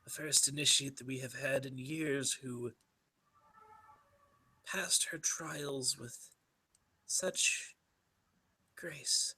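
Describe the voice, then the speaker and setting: A man voicing a shriveled, sinister old male bishop who speaks in a soft, raspy hush. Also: medium pitch, steady tone, exaggerated voice. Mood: solemn. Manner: slow, solemn, hushed.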